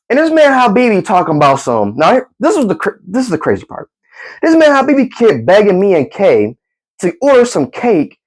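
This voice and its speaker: A man's voice: high voice, poor audio. A young man casually telling a comedic story in slangy talk, acting out his friends with gasps and laughs.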